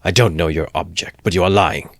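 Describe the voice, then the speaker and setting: A man's voice: sits low, brisk, dry recording, studio quality. A man reading aloud as a proud young man under suspicion, speaking in angry, imperious outbursts. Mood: furious.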